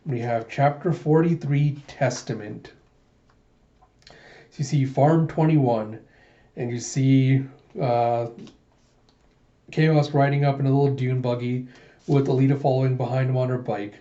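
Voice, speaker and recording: A man casually reading through a comic, retelling each scene in a relaxed way with fillers. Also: medium pitch, measured pace, long pauses. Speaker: reader of a manga readthrough. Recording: dull lo-fi recording.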